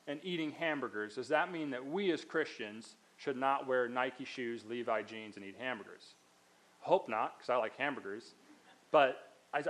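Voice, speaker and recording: A man's voice: medium pitch, low-quality recording. A conversational man preaching a sermon. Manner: conversational, explains step by step with asides. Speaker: pastor.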